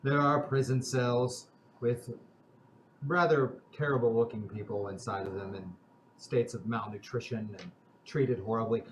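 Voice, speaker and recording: A man as game master, narrating a tabletop game in a measured, descriptive way. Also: medium pitch, fairly even intonation. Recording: roomy with faint noise.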